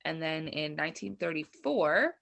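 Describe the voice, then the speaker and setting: A woman co-hosting a comedy podcast, her voice low and gravelly with vocal fry. She tells a story casually, in a loose conversational way, laughing often between lines. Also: expressive, moderate pace, fairly bright tone. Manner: laughs often, narrates true crime casually. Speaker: podcast co-host.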